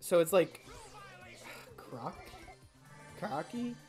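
A woman's voice: lowish voice, expressive, very slow, mellow, faint music behind. A young woman hosting a gaming channel, giving playful, jokey, self-mocking commentary over her gameplay.

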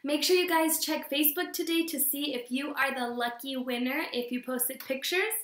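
A woman's voice: high voice, normal speed, a bit bright. A woman teaching a recorded phonics lesson to young children, sing-song and encouraging as she sounds out syllables. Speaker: kindergarten teacher. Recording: echoey room.

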